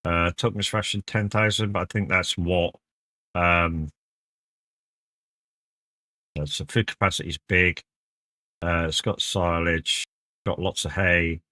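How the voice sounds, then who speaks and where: Male streamer, relaxed and profane, talking to chat while playing; lowish, bright-edged voice. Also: no echo. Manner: laid-back, swears freely, chats with viewers. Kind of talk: casual live gameplay chat.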